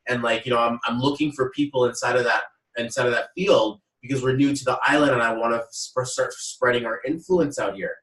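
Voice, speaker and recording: Male podcast host, casual storyteller, mid pitch, acts out quotes, roomy and slightly off-mic. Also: a little fast, a bit bright. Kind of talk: casual chat. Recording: roomy echo, voice a little far off mic.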